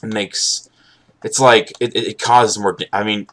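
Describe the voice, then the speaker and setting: A young man chatting casually while live streaming, rambling and halting with many restarts and an occasional sarcastic aside. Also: fairly low pitch, steady tone, a bit bright. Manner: candid, sarcastic at times.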